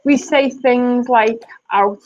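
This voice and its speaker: A woman chatting casually on a live stream, thinking out loud and addressing her viewers directly. Her voice sits a little high and comes through muffled, lo-fi webcam audio. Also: steady tone, measured pace, slight background noise. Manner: chatty, thinks aloud, talks straight to viewers. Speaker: live chat host.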